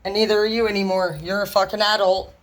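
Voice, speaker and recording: A woman's voice: medium pitch, little pitch movement, fast talker, slight background noise, rough recording. A woman vlogging in a casual monologue, rambling bluntly and swearing constantly. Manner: brash and unfiltered.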